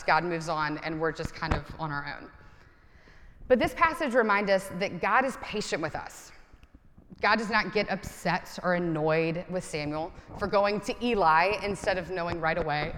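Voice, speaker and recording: A woman's voice: mid-range voice, a bit bright, in a large hall, slight background noise. A woman pastor in her thirties giving a conversational sermon with self-deprecating humor.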